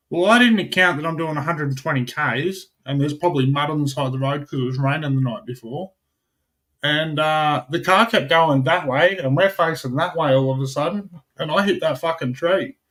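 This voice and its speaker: Australian guy, animated storyteller, swears constantly, slightly high voice. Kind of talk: casual chat.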